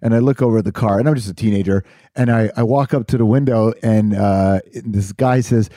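A man in relaxed podcast chat who agrees readily and tells a story of his own. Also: medium pitch, a little fast, no echo, clean studio sound. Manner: relaxed, agreeable, laughs along. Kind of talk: casual conversation.

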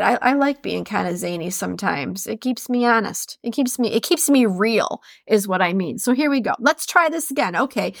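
A woman hosting a solo podcast, reading quotes aloud and chatting casually, laughing at her own slips in an animated way. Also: on the high side, gravelly, no room sound, studio quality. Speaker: podcast host.

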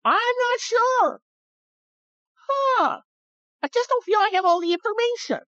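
A man putting on a squeaky, dithering undecided voter. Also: lively intonation, a little slow, sharp tone, no room sound, dull audio, heavily acted.

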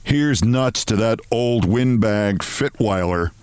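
A quiet, tidy clerk from a storybook reading, low-voiced and deadpan, as a male reader plays him. He speaks calmly, and the sound is close and dry. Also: slow pace, clear, resonant tone, no room sound. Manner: calm and deadpan. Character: meek, neat, quiet male office clerk.

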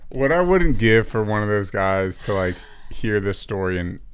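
A man's voice: lowish voice, very animated, normal speed, clear, resonant tone. A man co-hosting a casual podcast chat, playful and egging on the guest. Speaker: podcast co-host.

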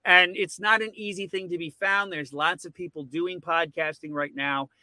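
A man guest in a casual podcast interview who rambles and repeats words when excited. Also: high-pitched, normal speed, no room sound.

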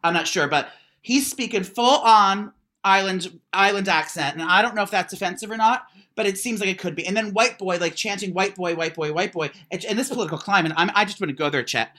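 A man co-hosting a podcast, chatting and gossiping in an animated way, stammering and swearing, with lots of fillers. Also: sits high, a little fast. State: congested, has to blow his nose. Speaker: podcast co-host. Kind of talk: casual gossip chat.

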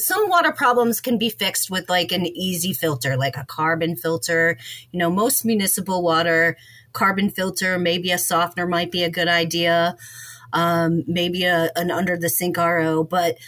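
A woman's voice: fairly low pitch, a bit bright. A woman guest on a podcast, explaining practical advice plainly and with a dry sense of humor. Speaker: water quality expert guest. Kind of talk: casual chat.

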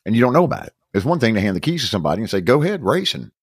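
Fast husky man joking around. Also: medium pitch, big pitch swings, no echo, studio quality. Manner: quick, joking, jumps in with questions. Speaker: podcast and radio host. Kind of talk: casual chat.

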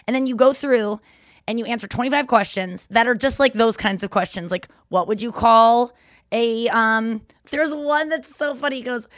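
A woman, co-hosting a podcast in casual, animated, rambling chat with frequent laughs. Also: on the high side, normal speed, no room sound, clean studio sound. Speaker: podcast co-host.

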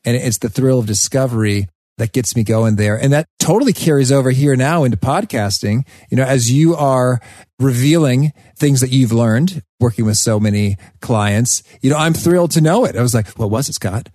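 A man's voice: medium pitch, moderate pace, no echo, studio quality. A man hosting a casual podcast conversation, telling stories with enthusiasm. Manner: enthusiastic, animated storytelling. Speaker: podcast host.

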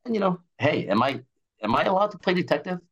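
A man's voice: on the high side, big pitch swings, quick pace, slightly rough, dull audio. A man, a doctor appearing as a guest, talking animatedly and speculating in a casual interview.

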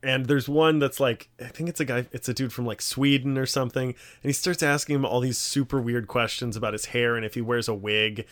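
Podcast dude chatting loose, tons of "like"s, mid-pitched voice. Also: male voice, steady tone, fairly quick, few pauses, a bit bright. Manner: rambling, full of "like" fillers, reads out panel blurbs. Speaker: podcast co-host. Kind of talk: casual chat.

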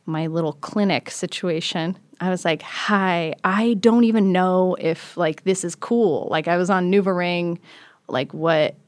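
A woman in her thirties tells a story in an animated way and laughs often. She slips into the voices of the people in it. The recording is dry and close, with no room sound. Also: lowish voice, a little slow, no room sound. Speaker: guest, comedian and musician. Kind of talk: casual storytelling chat.

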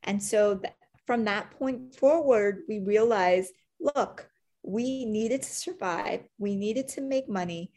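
A middle-aged woman recounts her business past in a lively interview. She is animated, with plenty of fillers, and acts out the quoted lines. Her voice sits at an ordinary pitch for a woman. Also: slow pace. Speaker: agency CEO, podcast guest. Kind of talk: conversational interview storytelling.

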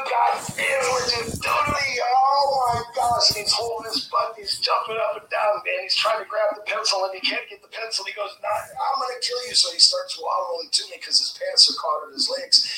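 A man's voice: sits high, bright, forceful tone, a little hiss or hum. A man telling a rambling, laughing anecdote and acting out the other people in it, heard as a played clip. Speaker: storytelling guest. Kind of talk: animated anecdote. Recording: distant echoey clip with faint TV ambience.

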